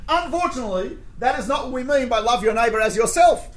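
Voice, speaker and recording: A man's voice: extremely high pitch, expressive, fast. A man giving a Torah lesson who teaches through anecdotes and keeps checking in with a rhetorical "right?". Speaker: religious teacher.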